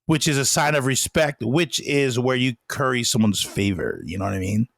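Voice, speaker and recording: A man's voice: mid-range voice, moderate pace, fairly bright tone, no room sound. Dry-sounding man thinking aloud. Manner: speculative, thinks aloud with restarts. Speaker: podcast co-host. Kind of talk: casual chat, reacting to a trailer.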